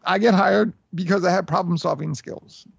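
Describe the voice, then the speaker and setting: A man in his fifties from New York tells stories in a lively, animated way, often repeating words as he starts a thought. His voice sits high and is heavily gravelly. The recording sounds dull and lo-fi. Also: moderate pace, dry recording. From New York City. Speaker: guest. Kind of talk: casual storytelling interview.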